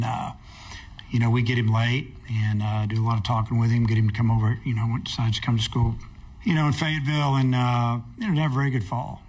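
Baseball coach, man, husky tone, easygoing, rambling interview answers. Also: mid-range voice. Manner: folksy, rambling, many fillers and restarts. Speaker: college baseball head coach.

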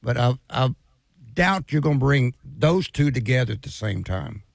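A man's voice: medium pitch, animated, normal speed, creaky. A man co-hosting a casual sports radio show, chatting and reading listener messages aloud.

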